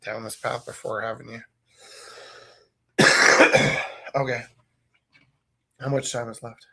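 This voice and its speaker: A man's voice: medium pitch, slow, creaky. A man in his forties, an art teacher, telling stories casually and with energy as he paints, joking and acting out his students. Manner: animated, acts out his students' voices; loose and joking. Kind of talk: casual storytelling while painting.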